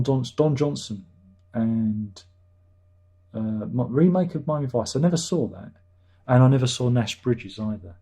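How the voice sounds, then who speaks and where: A man's voice: mid-range voice, dark tone, breathy edge. A middle-aged British man hosting a livestream, casually answering viewer chat with dry jokes and chuckles. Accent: British English. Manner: chatty, dry jokey asides, chuckles. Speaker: livestream host reading chat.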